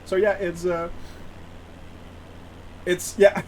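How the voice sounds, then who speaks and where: Very slow and high-pitched with little pitch movement, a man streaming a flight simulator chats with his viewers. He's rambling and giggly, regularly interrupting himself to laugh, and there's slight background noise.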